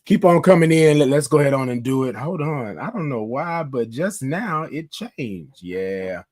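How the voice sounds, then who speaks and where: Hoarse, sick man chatting to viewers. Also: mid-range voice, lively intonation, normal speed, a little mellow, dry recording. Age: 50s. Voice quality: rough, scratchy voice. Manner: chatty, greets viewers by name, calls them y'all. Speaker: live-stream host. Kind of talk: casual morning live-stream chat.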